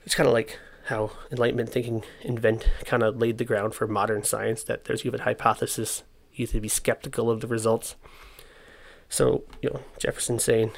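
A man's voice: mid-range voice, flat delivery, fairly quick, creaky. A young man casually explaining history, with slangy, joking asides. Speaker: history presenter.

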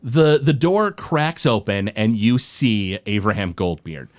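A man's voice: on the low side, expressive. A man running a tabletop game as game master, narrating casually with frequent halts. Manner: casual, halting, with many restarts.

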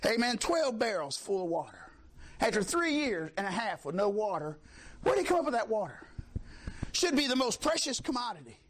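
A man preaching a fiery sermon, shouting, mocking and laughing as the congregation answers back. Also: high voice, big pitch swings, a little fast, a little hiss or hum.

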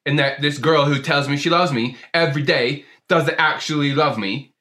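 A man's voice: on the high side, normal speed, bright, forceful tone. A man improvising a gloomy self-pitying guy in a put-on, hard-to-place British, Australian or Irish accent, whining and rambling. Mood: despairing. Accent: mixed British, Australian or Irish put-on. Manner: whiny, rambling, keeps saying mate.

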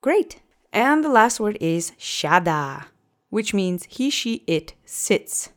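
A woman hosting a language podcast, teaching phrases with patient, clear pronunciation drills. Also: mid-range voice, very animated, slow. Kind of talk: scripted language lesson.

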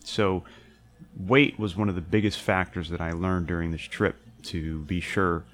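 A man's voice: sits low, little pitch movement, measured pace, a bit bright. A young man telling a hiking story in casual chat, rambling and swearing, full of fillers and restarts. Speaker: podcast co-host recounting a hiking trip.

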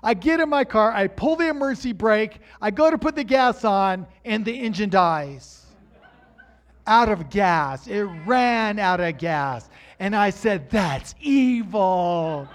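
High-voiced animated male preacher. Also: measured pace. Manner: animated storyteller, rising to shouts at high points.

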